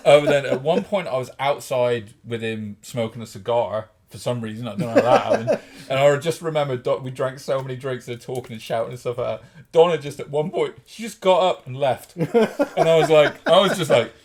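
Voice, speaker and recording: Lively, swearing man telling a story. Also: medium pitch, a little fast. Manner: swears freely, laughs through his own story. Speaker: podcast co-host. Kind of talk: casual storytelling chat.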